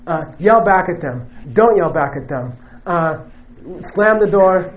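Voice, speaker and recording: A man's voice: sits high, expressive, slow, highs cut off. A man giving a Buddhist teaching to a live audience, conversational and joking, who often stops to check in with "okay?" and "you know". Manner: joking, emphatic asides.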